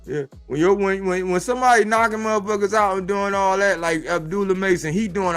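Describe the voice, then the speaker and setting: A man's voice: high voice, normal speed, a bit bright, clean tone, soft background music. A man hosting a boxing livestream, talking in a casual, profane way full of street slang. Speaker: boxing podcast host.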